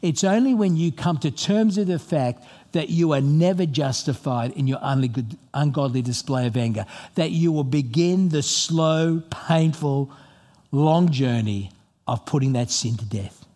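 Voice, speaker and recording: A man's voice: on the high side, a little slow. A middle-aged man preaching a sermon as a pastor, telling stories and asking the congregation questions. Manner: animated, storytelling, asks the audience questions. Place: church hall before a congregation.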